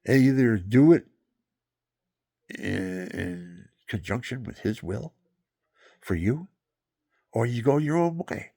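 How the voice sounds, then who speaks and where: A man's voice: mid-range voice, lively intonation, slow, gravelly, pauses often, warm tone. An older man rambling through folksy personal stories that turn into plain-spoken preaching, with many restarts. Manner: folksy, repetitive, with lots of restarts. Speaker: religious speaker.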